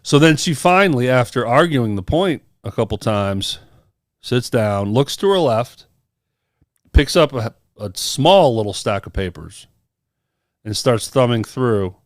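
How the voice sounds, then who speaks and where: A man's voice: medium pitch, animated, a little slow, no echo, clean studio sound. A man on a podcast telling a personal story in casual chat, acting out the people he quotes. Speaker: podcast co-host.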